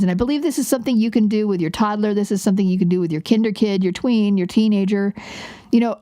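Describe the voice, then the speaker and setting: A woman's voice: mid-range voice, mellow, no room sound. A woman in her forties hosting a parenting podcast, talking in a chatty, self-deprecating way with frequent restarts. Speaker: podcast host. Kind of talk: casual parenting podcast talk.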